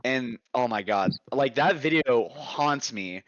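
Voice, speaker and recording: A man hosting a casual podcast, rambling and swearing freely, stumbling over restarts as he works through his point. His voice is middle in pitch, with a slightly dull, lo-fi sound in a dry room. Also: expressive, slow, fairly bright tone, no echo. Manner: rambling, profane, with many restarts. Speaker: podcast host. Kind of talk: casual chat.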